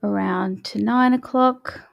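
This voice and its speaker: A woman vocal coach leading a morning warm-up, chatty and encouraging as she talks the listener through each step. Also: mid-range voice, steady tone, takes it slowly, vocal fry, muffled recording.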